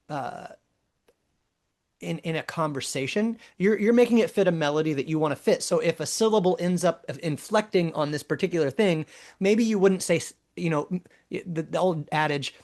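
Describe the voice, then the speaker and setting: A man's voice: a little high, normal speed, darkish tone. A man co-hosting a casual podcast, musing and analysing song lyrics with enthusiasm. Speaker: podcast co-host, band member. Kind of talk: casual album discussion.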